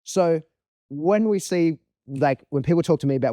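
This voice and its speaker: Profane, animated male dog trainer. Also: fairly high pitch, normal speed, no echo. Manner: animated, profane, acts out scenes. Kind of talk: casual conversational explanation.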